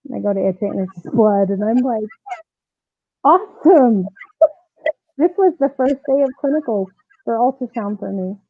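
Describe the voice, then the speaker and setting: A woman softball coach telling her own story as a guest, lively and acting out the voices of people she quotes. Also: mid-range voice, fairly quick, no room sound. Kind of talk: personal storytelling in an interview. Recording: tinny phone-line sound, dry.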